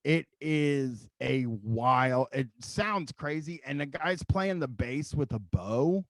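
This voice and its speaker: A man's voice: medium pitch, expressive, takes it slowly, dry recording. Rambling, profane man hosting a podcast. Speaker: podcast host. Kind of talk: casual chat.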